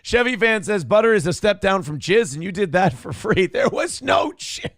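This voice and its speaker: A man's voice: high voice, very animated, normal speed, fairly bright tone, no echo, studio quality. A man in his thirties hosting a livestream, casually chatting with viewers and reading out donation messages, laughing and bantering often. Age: 30s. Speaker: livestream host.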